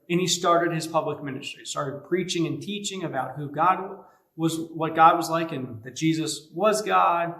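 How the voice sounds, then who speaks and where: A man's voice: fairly high pitch, a bit bright. A man giving a youth sermon as a youth pastor, talking casually and conversationally with everyday comparisons. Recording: echoey room.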